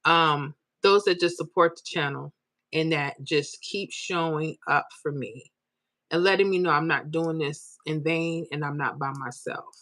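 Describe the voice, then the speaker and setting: A lower-pitched woman hosts a live stream and chats straight to her viewers. She is open and emotional as she reads out comments. The sound is dry and close, with no room around it. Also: measured pace, a bit bright, no echo. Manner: emotional, tearful at times, talks straight to viewers. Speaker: lottery numbers YouTube host.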